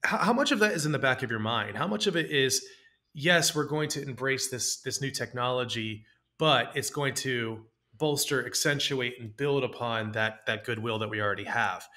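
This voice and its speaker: A man's voice: medium pitch, moderate pace, sharp tone. A man hosting a podcast, asking questions in a playful, joking way and laughing a lot. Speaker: podcast host. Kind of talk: conversational podcast interview.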